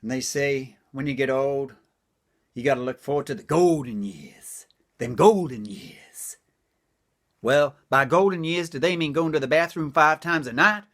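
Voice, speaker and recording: A man's voice: mid-range voice, normal speed, fairly bright tone. An older man doing stand-up comedy, delivering one-liners in a folksy old-timer patter and repeating his punchlines.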